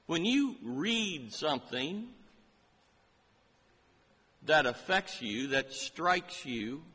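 A man preaching a sermon, slow and emphatic, asking many rising rhetorical questions. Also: on the high side, big pitch swings, sharp tone, breathy edge. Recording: long reverb of a large hall.

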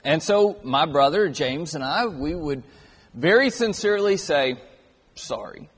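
A man's voice: fairly high pitch, lively intonation, a little slow, breathy edge. A man in his thirties preaching a sermon in a church auditorium, earnest and stressing key words. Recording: long hall reverb.

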